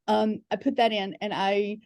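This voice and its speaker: With a medium pitch that barely moves, a normal speed, and a darkish tone, a woman shares candid comic stories as a podcast guest. The dry recording catches her fillers and the voices she quotes as she chats frankly.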